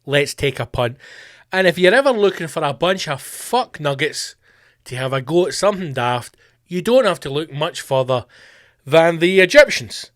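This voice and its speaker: A middle-aged man with a Scottish accent, hosting his own podcast in a profane comedic rant, sweary and animated. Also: fairly high pitch, normal speed, no room sound, studio quality. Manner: sweary, animated, slips into mock voices. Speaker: podcast host.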